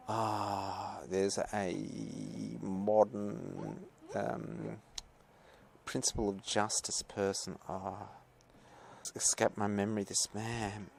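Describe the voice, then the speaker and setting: Man, teacher, podcast lecture; low, creaky voice; hesitant and digressive. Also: level tone, drawn-out words, slight background noise. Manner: rambling, hesitant, many fillers and asides. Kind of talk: podcast lecture, reading and commenting.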